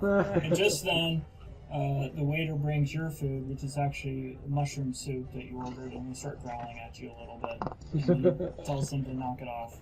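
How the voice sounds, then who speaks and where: A man narrating as game master, halting and full of fillers. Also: medium pitch, steady tone, noisy background.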